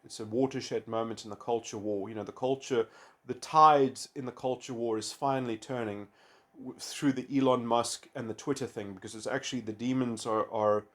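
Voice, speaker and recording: A man giving a rambling philosophical monologue, halting often and filling gaps with restarts. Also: medium pitch, steady tone. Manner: halting, full of restarts and "you know". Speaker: video essayist.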